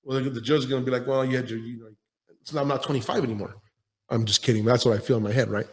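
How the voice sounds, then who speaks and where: A man's voice: mid-range voice, racing. A man in his forties hosting a podcast, talking in a blunt, profane, rambling and intense way in a casual motivational monologue. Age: 40s. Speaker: podcast host and gym owner.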